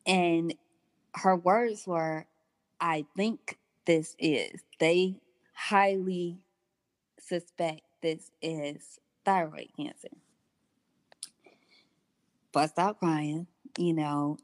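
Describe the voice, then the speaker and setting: A woman's voice: lowish voice, fairly even intonation, dry recording. A woman guest in her thirties telling her personal story candidly, acting out the dialogue she recalls. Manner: candid, unhurried, acts out quoted dialogue.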